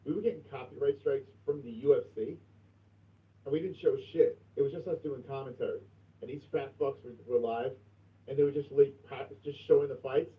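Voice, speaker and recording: A man's voice: medium pitch, brisk. A man co-hosting a livestream, angrily venting and swearing. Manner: angry, profane, rising into shouts. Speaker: co-host. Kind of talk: casual livestream rant. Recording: echoey, distant, muffled stream audio.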